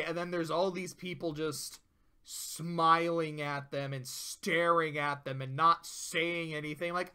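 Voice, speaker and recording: A cartoon reviewer in casual commentary, rambling and swearing freely while retelling an episode. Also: mid-range voice. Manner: profane, rambling, animated.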